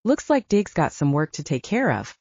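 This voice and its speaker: Woman doing a rugged alpha male werewolf, teasing drawl, wide swings in pitch, dull lo-fi sound. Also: sing-song, normal speed, a little mellow, husky, no echo, full character voice.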